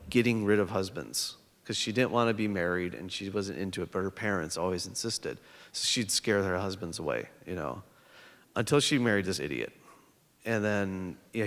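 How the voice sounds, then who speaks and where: A man with a fairly low voice speaks to an audience in a lecture hall, his words trailing off into a long reverb. He tells his story conversationally, pausing on fillers and restarting his sentences as he goes. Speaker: panelist and educator. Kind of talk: storytelling panel presentation with slides.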